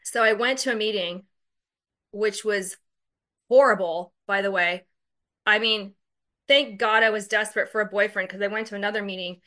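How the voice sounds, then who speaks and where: A woman's voice: mid-range voice, steady tone, moderate pace, pauses often, bright, forceful tone. A woman casually telling a personal story, candid, profane and self-mocking, chatty with lots of fillers.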